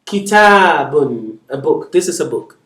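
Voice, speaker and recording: A man with a slightly high, somewhat bright voice and lively intonation teaches a beginner Arabic lesson at normal speed. Patient, he checks in often with his learners and chuckles lightly between points, recorded away from the mic in an echoey room.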